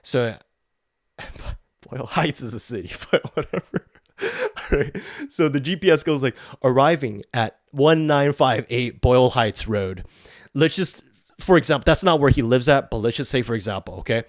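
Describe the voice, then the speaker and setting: A man's voice: mid-range voice, wildly swooping pitch, moderate pace, dry recording, studio quality. A man hosting a podcast, telling a story in a blunt, profane, heated rant. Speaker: podcast host. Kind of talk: ranting storytelling.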